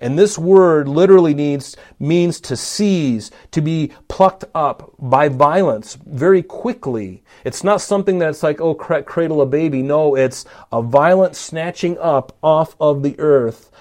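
A man's voice: a little high, unhurried, few pauses, a little mellow. A man preaching a Bible-teaching sermon, emphatic, often saying "notice" and asking his listeners questions.

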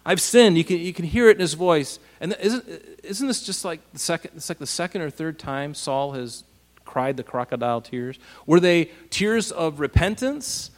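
A pastor preaching a casual, animated Bible-teaching sermon, asking his listeners rhetorical questions. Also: fairly high pitch, normal speed, in a large hall.

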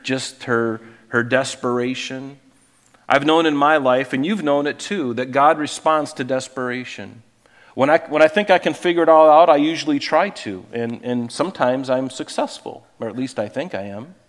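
A man's voice: mid-range voice, in a large hall. A man preaching a sermon as pastor, earnest and conversational, often repeating words as he searches for the next one.

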